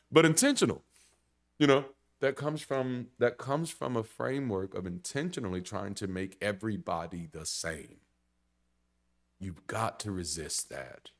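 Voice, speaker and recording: A man pastor delivering a casual, blunt sermon in a conversational style, moving between quiet low passages and loud emphatic stretches. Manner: casual and blunt, with frank slang.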